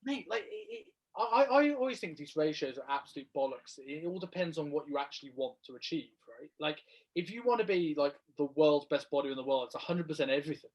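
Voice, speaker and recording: A man's voice: fairly high pitch, expressive, fast talker, darkish tone, dull audio. A man with a Black Country accent co-hosting a casual podcast, bantering and poking fun at himself. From England. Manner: self-mocking, laughing banter. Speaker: podcast co-host.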